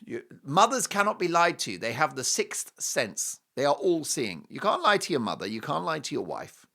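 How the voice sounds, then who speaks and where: A middle-aged British man delivering a talk show monologue, his voice swinging widely in pitch as he mocks and jokes. His tone is bright and forceful, and he leans into punchy asides and sudden emphasis. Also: moderate pace, vocal fry. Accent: British English. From Britain. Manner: animated, mocking, jokey asides.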